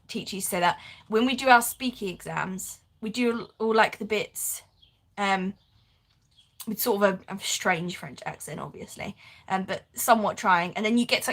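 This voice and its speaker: A woman crafts on a live stream while chatting casually, laughing often and responding to viewer comments. Her voice is medium-pitched and a bit bright.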